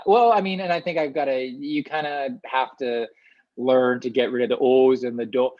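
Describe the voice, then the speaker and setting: A man's voice: mid-range voice, no room sound. Chatty man from small-town Ontario. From small-town Ontario, Canada. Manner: chatty, animated, many restarts, quick asides. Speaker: actor guest. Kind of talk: casual interview answers. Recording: dull, dry lo-fi sound.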